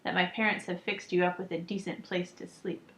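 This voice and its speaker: A woman's voice: on the low side, flat delivery, brisk, creaky, fairly bright tone. A woman voicing an earnest, caring little mouse boy in a storybook reading, with an eager, raised voice. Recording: echoey room, muffled lo-fi sound.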